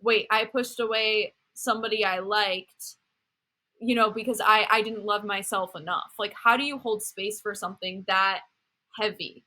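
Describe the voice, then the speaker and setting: A woman's voice: mid-range voice, fairly even intonation, bright, forceful tone. A woman guest in a casual podcast chat, talking things through thoughtfully with lots of "like" fillers. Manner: thoughtful, many "like" fillers, quick agreement. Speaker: podcast guest, dating content creator.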